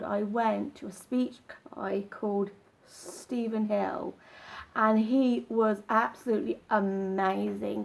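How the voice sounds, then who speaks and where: A woman giving casual advice to camera, talking in halting, broken phrases with frequent restarts. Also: fairly high pitch, creaky. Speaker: vlogger.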